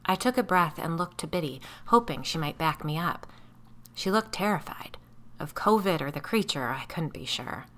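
A woman reading a first-person story aloud in a measured, tense storytelling manner. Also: low voice, animated, fairly bright tone. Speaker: audiobook narrator.

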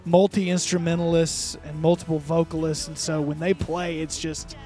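A man's voice: a little high, level tone, normal speed, mellow, faint music behind. A man co-hosting a casual podcast, talking enthusiastically and emphatically. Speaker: podcast co-host recommending music.

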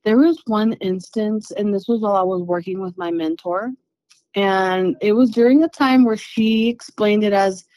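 A woman guest telling a personal story in a podcast interview, candid and animated, swearing freely. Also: mid-range voice, normal speed, dry recording, poor audio. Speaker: interview guest, spiritual healer.

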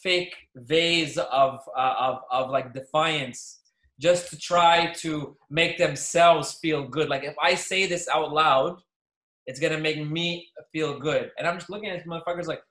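A man co-hosting a podcast, telling stories in a casual, profane and animated way. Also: on the high side, unhurried, reverberant. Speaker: podcast co-host, pharmacist. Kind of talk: casual chat.

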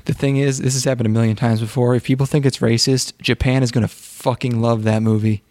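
A podcast co-host chatting casually in an ordinary mid-range man's voice. He delivers sarcastic jokes flatly and deadpan. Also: medium pitch, quick pace. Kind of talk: casual chat.

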